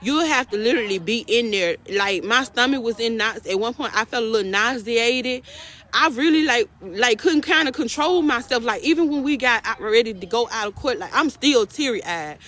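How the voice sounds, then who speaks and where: A woman, recapping a court trial in casual chat, emphatic and animated, repeating phrases and calling the viewers y'all. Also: on the high side, moderate pace, rough recording.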